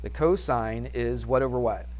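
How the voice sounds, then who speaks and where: A man's voice: mid-range voice, moderate pace, darkish tone, slight background noise. A man teaching a math class, upbeat and chatty, firing questions at the students and answering them himself. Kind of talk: classroom lesson.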